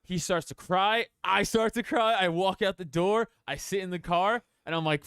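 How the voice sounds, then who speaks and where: A man's voice: moderate pace, hardly any pauses, smooth, dry recording, studio quality. A young man co-hosting a comedy podcast, telling a story with lots of swearing and acting out his own lines in a whiny voice. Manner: animated, swearing, acts out his own quotes in a whiny high voice. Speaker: podcast co-host.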